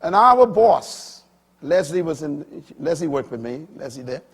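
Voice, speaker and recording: A middle-aged man preaching a sermon, swinging between hushed asides and loud, emphatic climbs that break into shouts on key points. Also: fairly high pitch, very animated, unhurried, husky.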